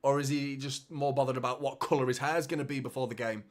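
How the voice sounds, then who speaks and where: A man's voice: mid-range voice, steady tone, fast talker. A man with a Manchester accent hosting a live football watchalong, chatting casually, swearing and reading out viewer comments. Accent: Mancunian. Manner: chatty, swears, reads out comments, frequent "mate" and "do you know what I mean". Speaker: fan channel host.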